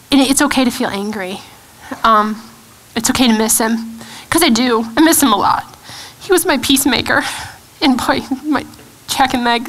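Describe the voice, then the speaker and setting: A woman in her thirties giving a personal testimony at a church event, earnest and halting, with frequent restarts and fillers. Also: a little high, a bit bright, low-quality recording. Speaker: guest speaker.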